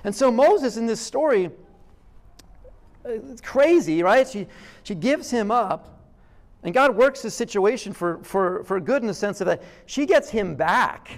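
A middle-aged man preaching a sermon in a conversational, animated way, telling stories and acting out quotes. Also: sits high, unhurried. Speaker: pastor.

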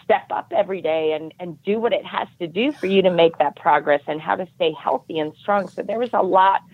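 Podcast guest, middle-aged woman, earnest storyteller, lowish voice, muffled dry sound. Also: a little fast. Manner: earnest, animated storytelling with acted-out quotes. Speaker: podcast guest, triathlon coach.

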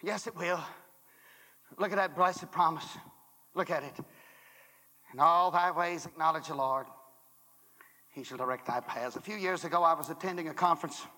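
A man preaching a fiery revival sermon, booming and shouting at the climaxes, then dropping to hushed asides, recorded in a hall at a 1980s college revival. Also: normal speed, long pauses. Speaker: former church superintendent. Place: college chapel revival service.

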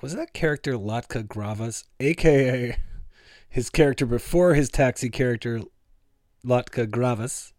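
Man, podcast host, self-mocking, sarcastic, slow delivery, mid pitch, dry room. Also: a little mellow, dry recording. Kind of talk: solo comedic podcast monologue.

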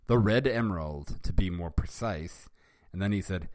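Wry male host reading fan fiction aloud with amused asides, low voice, dry close sound. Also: lively intonation, normal speed, a little mellow, dry recording. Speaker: reader and host. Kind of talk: casual reading with wry commentary.

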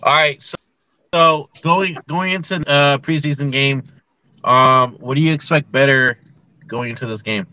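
Podcast guy with a real bright sharp voice, asking loose questions, lots of ums. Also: mid-range voice, steady tone, measured pace, smooth, dry recording, rough recording. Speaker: podcast co-host. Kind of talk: casual sports chat.

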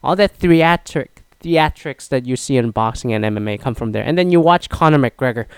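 A man's voice: medium pitch, normal speed, smooth, dry recording. A man talking casually in an opinion monologue, rambling with many fillers and restarts. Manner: rambling, lots of "you know" fillers and restarts; animated when quoting others.

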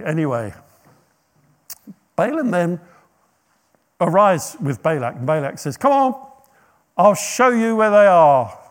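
Male preacher, lively dramatic storyteller, high voice, makes asides. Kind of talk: sermon storytelling.

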